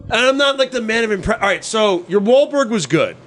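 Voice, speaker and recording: Animated high-voiced male podcast host. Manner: animated, profane, breaks into quick impressions. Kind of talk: casual chat.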